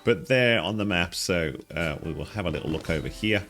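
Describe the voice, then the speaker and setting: A man's voice: low voice, fairly quick, fairly bright tone. A man giving casual commentary on a game he is playing, chatty and easily delighted, with frequent exclamations. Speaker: gaming guide host.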